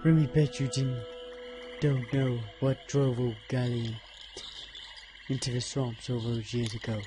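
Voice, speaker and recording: An actor voicing a folksy swamp storyteller who narrates a game in clipped, easygoing phrases. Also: male voice, medium pitch, flat delivery, measured pace, music in the background, lightly acted.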